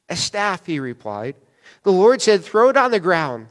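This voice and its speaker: A man's voice: sits high, very animated, normal speed. Conversational male pastor preaching in a reverberant hall. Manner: conversational preaching, acts out quoted dialogue. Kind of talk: sermon. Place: church sanctuary. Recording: long church hall reverb.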